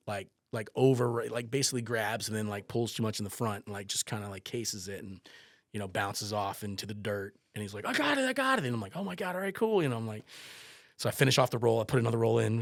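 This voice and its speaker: Animated man telling a story. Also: lowish voice, dry recording, studio quality. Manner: animated, swearing, acts out quotes. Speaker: podcast guest, photographer. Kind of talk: casual storytelling.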